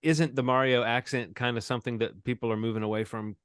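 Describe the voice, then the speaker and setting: Man, mid pitch, dry dead room, casual musing podcast talk. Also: steady tone, fast talker, a bit bright, clear, resonant tone, no room sound. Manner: musing, laughing asides. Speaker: podcast co-host. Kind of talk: casual movie chat.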